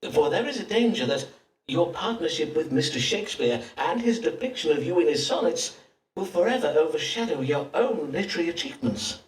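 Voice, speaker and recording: A man voices a pompous astrologer-physician of the Elizabethan age, pronouncing in archaic, formal English. His voice is slightly high and very lively in melody. It sounds roomy and set back from the mic, with faint ambience behind. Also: fairly quick, slight background noise, natural voice. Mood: grave. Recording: roomy distant game audio with faint ambience.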